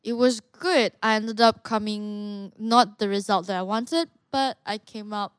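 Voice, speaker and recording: A young woman from Malaysia, a fighter telling stories as a guest in a casual interview, animated and quick with asides. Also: medium pitch, clear, resonant tone, no echo, clean studio sound. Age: young adult. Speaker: guest, mixed martial artist.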